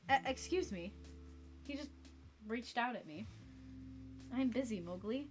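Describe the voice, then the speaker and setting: A woman's voice: fairly high pitch, animated, a little slow, faint music behind. Giggly young woman chatting on stream. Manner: chatty, giggly, talks to her cat and viewers. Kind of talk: casual live-stream chat. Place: home room at night.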